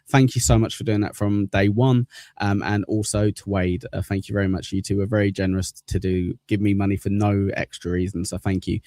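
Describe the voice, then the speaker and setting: A man's voice: fairly low pitch, warm tone. A man hosting a livestream, chatting casually as he thanks channel members, rambling and self-deprecating. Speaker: livestream host.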